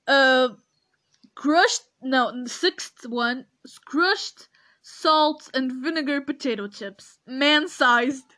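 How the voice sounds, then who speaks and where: Podcast host, young woman, high and unhurried, animated, keeps cracking up. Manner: animated, laughs often and hard. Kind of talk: casual commentary.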